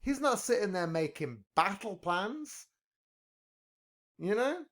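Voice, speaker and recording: A man talking in a loose podcast chat, his voice sitting a little high and bouncing around a great deal in pitch. He rambles, swears freely and jokes as he goes. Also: very animated, takes it slowly, fairly bright tone. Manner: profane, rambling, jokey. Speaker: podcast talker.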